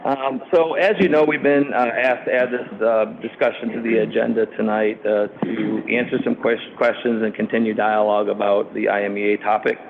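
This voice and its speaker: A man on city staff giving a formal presentation to a council committee, steady, with frequent ums and uhs. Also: fairly low pitch, moderate pace, vocal fry, few pauses, a crowd in the background. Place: council meeting room. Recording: tinny lo-fi meeting audio.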